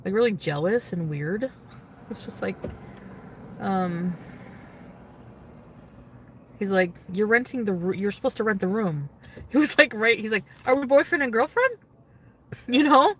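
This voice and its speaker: Expressive and measured, with frequent pauses, a young woman speaks in a mid-range voice over a little hiss or hum. She's an influencer chatting casually on a livestream, rambling and using lots of "like" and restarts that trail away.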